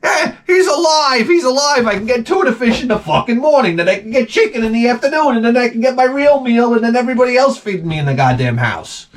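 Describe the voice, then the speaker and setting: Man doing a high-pitched pet dog voice, greedy, boastful, profane, gleeful. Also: lively intonation, fast talker, hardly any pauses. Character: greedy excited male pet dog gloating.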